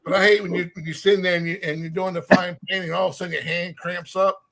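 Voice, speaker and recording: A man with a drawl rambles through casual chat in broken, restarting phrases. His voice sits high and has a gravelly, bright edge. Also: level tone, fast. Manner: rambling, stop-start, swears freely. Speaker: hobby stream participant.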